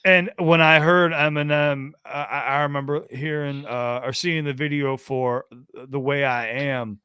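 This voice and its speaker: A man's voice: a little high, steady tone, unhurried, bright, forceful tone, clear, resonant tone, no echo, studio quality. An American man co-hosting a casual podcast chat with a caller, easygoing and talkative, with plenty of fillers and restarts. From United States. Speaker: podcast co-host.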